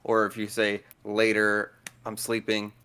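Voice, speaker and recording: Guy guest on a stream chat, dry and blunt, kinda low voice. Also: completely flat delivery, measured pace, pushed and bright, clear, resonant tone. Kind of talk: casual chat.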